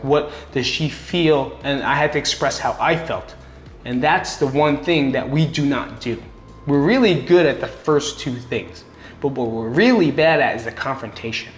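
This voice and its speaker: A man's voice: medium pitch, normal speed, faint music behind. A middle-aged man giving casual personal advice in a blunt, earnest way, swearing freely and repeating words for emphasis. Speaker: vlogger sharing coping tips. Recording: echoey room.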